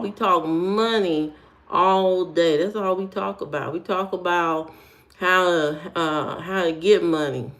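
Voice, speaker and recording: A streamer from the US, she has a fairly bright, mid-range voice and answers chat casually. Her tone is sassy and joking, full of slang and fillers, as she talks straight to her audience.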